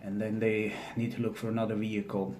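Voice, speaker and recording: Flat-voiced man recapping a film, echoey room. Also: fairly low pitch, slight background noise. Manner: halting, many fillers and restarts, flat delivery. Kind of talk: casual spoken film recap. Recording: echoey room with faint ambience.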